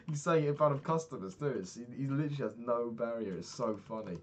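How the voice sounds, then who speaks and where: A man's voice: medium pitch, fast, a little hiss or hum. A young man telling a personal story in a casual, candid way, swearing freely and acting out the people he quotes. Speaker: podcast host.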